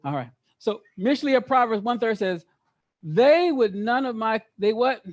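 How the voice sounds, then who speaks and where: Man, high-pitched, interactive scripture teacher who keeps quizzing the room. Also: a little slow. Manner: lively, quizzes the group, repeats words for emphasis. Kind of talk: interactive Bible study teaching.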